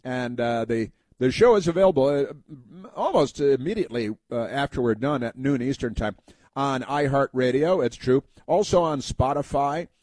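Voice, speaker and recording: A man's voice: medium pitch, moderate pace, darkish tone, no room sound. A man hosting a radio talk show, talking casually in a rambling, wry, self-mocking way from a studio.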